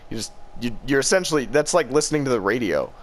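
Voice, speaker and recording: A man's voice: mid-range voice, animated, fast talker. A man co-hosting a podcast, talking in a loose, profane, rambling way. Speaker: podcast co-host. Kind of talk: casual podcast chat.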